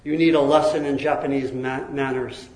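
A man's voice: medium pitch, steady tone, normal speed, darkish tone, natural voice. A man voicing a big, drunk, angry laborer who roars and hollers belligerently at the people around him. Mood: roaring. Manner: roaring, belligerent. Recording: roomy echo.

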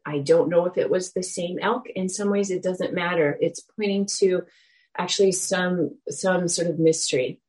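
A woman giving a dharma talk, telling a personal story in a reflective, animated way. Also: fairly low pitch, normal speed, poor audio.

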